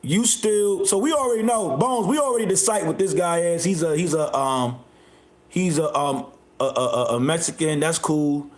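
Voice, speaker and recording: A high-pitched man hosts a live stream and rants at his chat. He is loud and confrontational and repeats himself again and again. His voice rings in an echoey room. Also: moderate pace. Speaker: livestream host.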